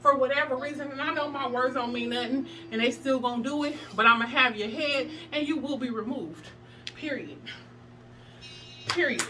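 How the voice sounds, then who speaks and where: A plus-size fitness vlogger talks at normal speed in a high voice during a motivational workout video. She's sassy, preachy, and emphatic, laughs often, and sometimes gets out of breath while exercising, recorded on a distant mic with music playing behind her.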